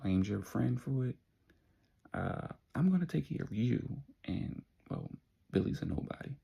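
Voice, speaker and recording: A man voicing a treacherous male lover who speaks calmly, in a husky, gravelly voice. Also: medium pitch, a little slow, dull audio, full character voice. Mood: cold.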